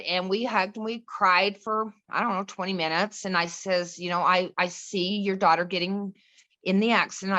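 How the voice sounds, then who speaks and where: A woman's voice: mid-range voice, sharp tone. A middle-aged woman, a podcast guest, telling a personal story in an earnest, rambling way. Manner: earnest, rambling, restarts and quotes others. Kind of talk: casual storytelling chat.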